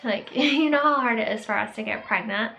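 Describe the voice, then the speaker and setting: A young woman telling a personal story to camera in a casual vlog, halting and reflective, with many fillers and pauses. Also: fairly high pitch, creaky, sharp tone, highs cut off, slight background noise. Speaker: vlogger.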